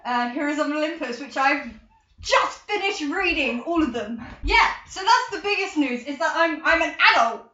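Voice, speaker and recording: An excitable teenage girl, chatting and rambling to her camera in a casual vlog. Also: high voice, moderate pace. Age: teens. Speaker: vlogger. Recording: echoey room, dull lo-fi sound.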